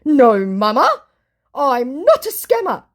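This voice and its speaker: A woman voicing a confused, pleading male online scammer who speaks halting, broken English. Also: sits high, sing-song, voice pushed up, full character voice.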